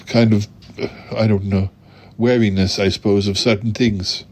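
A man's voice: on the low side, little pitch movement, normal speed, a little mellow, slightly rough. A man voicing a timid, fretful male sidekick who talks hesitantly and apologetically. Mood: nervous. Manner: hesitant, full of "oh dear" and "um".

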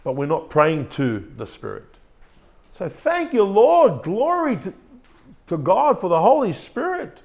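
Male pastor, gravelly, slightly high voice, preaching with questions to the congregation and frequent restarts. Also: wildly swooping pitch, a little slow. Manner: repeats words and restarts, asks the congregation questions. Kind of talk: sermon. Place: church room with a congregation.

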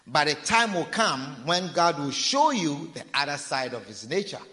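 A man delivers a sermon with insistent repetition, now and then acting out a sinner's pleading. His voice sits a little higher than most men's. The sound carries a long reverb, as in a large church hall. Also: sing-song, normal speed, bright, forceful tone. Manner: preaching with repetition and acted-out pleading. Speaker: preacher.

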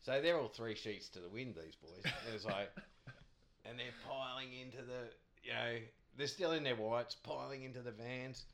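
A man's voice: mid-range voice, normal speed, a bit bright. A man, a podcast guest telling cricket anecdotes in a rambling, chatty way, laughing often.

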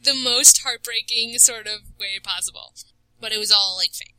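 A woman's voice: a little high, moderate pace, no room sound, poor audio. A woman in casual chat, animatedly retelling a story with frequent laughs and lots of "like". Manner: animated storyteller, laughs often, says "like" a lot. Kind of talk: casual chat recapping a video game story.

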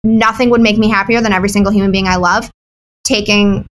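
A woman's voice: mid-range voice, steady tone, fast, slight background noise, rough recording. A woman who owns a wellness business, chatting candidly and animatedly as a guest in an interview. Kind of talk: casual interview chat.

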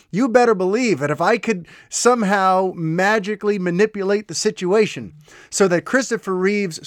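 A man's voice: sits high, no room sound, clean studio sound. A man hosting a podcast, giving casual, enthusiastic commentary, chatty with fillers and restarts. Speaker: podcast host.

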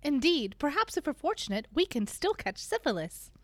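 A woman reading the lines of a calm, proper young man in a prim, formal way. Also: high voice, normal speed, dry recording, pitched above the performer's own voice.

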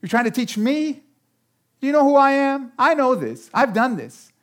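A man voicing an offended, prideful spouse who takes criticism as an insult, speaking in slow, sarcastic emphasis. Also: extremely high pitch, sing-song, voice pushed up. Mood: indignant. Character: indignant defensive spouse, prideful.

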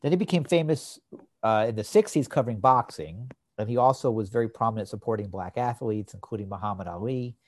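A man co-hosting a podcast, recapping an old sitcom episode in a relaxed, explanatory way. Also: lowish voice, brisk, no room sound, clean studio sound. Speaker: podcast co-host. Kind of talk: casual chat, recapping an episode.

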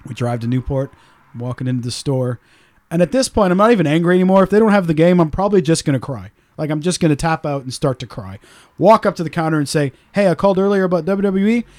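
Fast-talking, swearing podcast host. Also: male voice, fairly high pitch. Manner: swearing, animated, acts out other people's lines. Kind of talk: casual storytelling rant.

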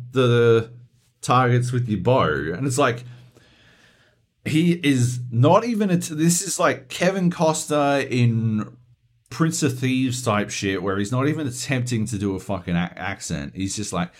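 A man's voice: mid-range voice, sing-song, measured pace. A man co-hosting a gaming podcast, ranting animatedly and swearing constantly in casual chat. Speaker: podcast co-host.

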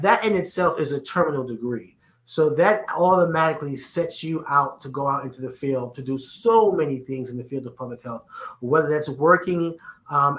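A man's voice: on the high side, fairly bright tone, echoey room. A man with a New York accent, answering interview questions earnestly and often repeating words as he finds his phrasing. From the Bronx, New York. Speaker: guest.

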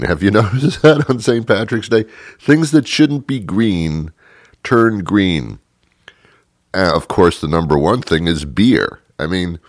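A man's voice: sits low, vocal fry, no echo. A man hosting his own comedy show, rambling through a dry, self-mocking monologue with chuckling asides. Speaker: radio-style comedy show host.

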